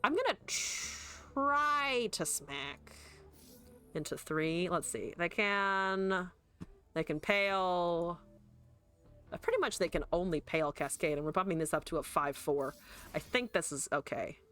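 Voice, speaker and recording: Soft music plays in the background as this woman streamer talks at a moderate pace in a fairly low, slightly bright voice. She's giving casual commentary on her card game, poking fun at herself and cursing occasionally.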